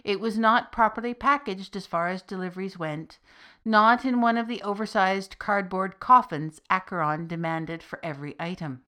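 A woman narrating a fiction podcast in a deliberate, even reading voice with soft, trailing phrase ends. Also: mid-range voice.

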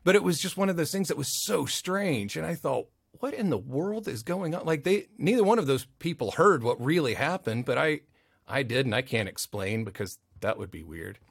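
A man's voice: medium pitch, normal speed, gravelly, slightly rough, no echo, clean studio sound. A man chatting as a podcast guest, telling anecdotes with energy and acting out the other people in them. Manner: animated storyteller, acts out the voices in his anecdotes. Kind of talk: casual storytelling chat.

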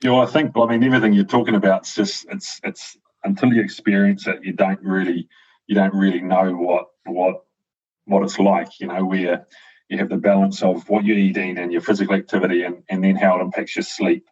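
A man's voice: low voice, little pitch movement, brisk, darkish tone, husky. A man, a guest on a talk show, speaking reflectively with many fillers and restarts. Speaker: guest, avocado farmer. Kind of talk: casual conversation. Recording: dull lo-fi sound.

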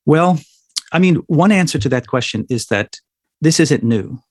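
A man's voice: a little high, lively intonation, moderate pace, no room sound, studio quality. A man speaking as a minister, explaining ideas in a reflective, conversational way and checking in with frequent tag questions. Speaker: guest, minister. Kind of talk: conversational theology discussion.

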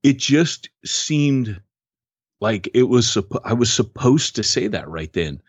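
A man co-hosting a podcast, telling a story in a casual, excitable way. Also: mid-range voice, unhurried, breathy edge, no room sound, lo-fi sound. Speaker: podcast co-host.

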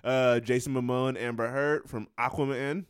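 A man's voice: mid-range voice, steady tone, normal speed, clean tone, dry recording, clean studio sound. A man co-hosting a casual podcast, playfully reading out lists and laughing often. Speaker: podcast co-host.

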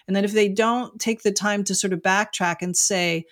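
A middle-aged woman speaks as a guest in an interview, candid and thoughtful. She sprinkles her talk with "you know" and "like". Her voice sits in a middle pitch. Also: fairly even intonation, moderate pace. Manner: reflective and frank, with many "you know" and "like" fillers. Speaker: author and marriage coach, guest.

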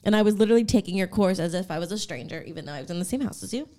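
A woman's voice: on the low side, lively intonation, very fast, warm tone. Woman co-host with dry teasing asides. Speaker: podcast co-host. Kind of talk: casual chat.

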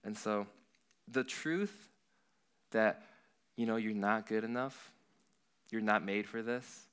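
An earnest young man preaches in a loose, rambling way to a group of students, leaning on "like" as he goes. His voice sits a little low and sounds bright and clean, with a crisp edge. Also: steady tone, slow. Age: young adult. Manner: earnest, rambling, heavy use of "like". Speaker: worship leader giving a talk. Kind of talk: casual youth sermon.

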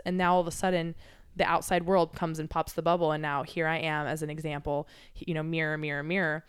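A woman's voice: sits low, steady tone, fairly quick, clean tone. A woman in casual chat as a podcast guest, speaking candidly and reflectively, swearing freely and using lots of filler words.

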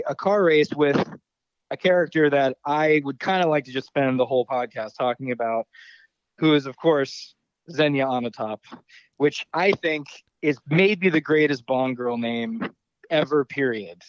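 A man's voice: a little high, measured pace, smooth, dry recording, dull audio. Rambling, casual podcast man. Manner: rambling, laughs easily, swears. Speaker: podcast co-host. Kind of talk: casual chat.

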